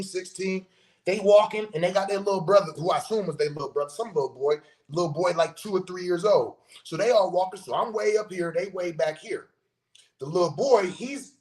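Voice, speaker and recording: A middle-aged man with a notably high voice tells stories on a podcast in a loose, profane way. He keeps things animated, slipping into the voices of the people in his tale. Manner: profane, animated storyteller who acts out quotes. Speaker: podcast host. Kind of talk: casual storytelling.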